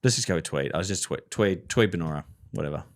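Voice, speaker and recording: Laid-back dad with lively pitch. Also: male voice, quick pace. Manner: laid-back storyteller, swears freely. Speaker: podcast co-host. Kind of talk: casual banter.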